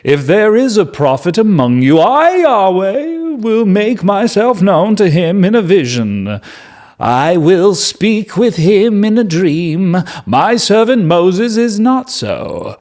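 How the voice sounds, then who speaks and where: A man voicing a petulant, dramatic male god who is quick to anger, speaking slowly and grandly, then turning whiny and sulky. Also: high voice, very animated, a little mellow, voice pushed up, exaggerated voice. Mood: solemn.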